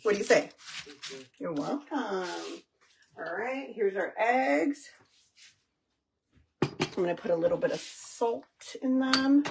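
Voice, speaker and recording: Chatty woman with vocal fry. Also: medium pitch, lively intonation, takes it slowly, pauses often. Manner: chatty, talks to viewers and child while cooking. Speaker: home cook vlogger, mother. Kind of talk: casual cooking vlog. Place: home kitchen. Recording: background kitchen noise.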